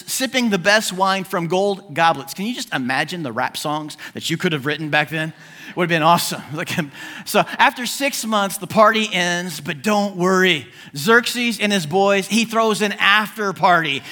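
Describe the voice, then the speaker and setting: Bright, high-voiced man telling a joking sermon. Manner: jokey, animated storytelling with modern asides. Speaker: pastor.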